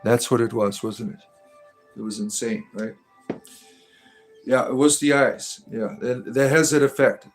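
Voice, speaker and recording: A man with a Detroit accent hosting a livestream, reading viewer comments aloud and answering them in a deadpan, tongue-in-cheek mystic persona. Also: medium pitch, unhurried, long pauses, soft background music. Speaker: livestream host.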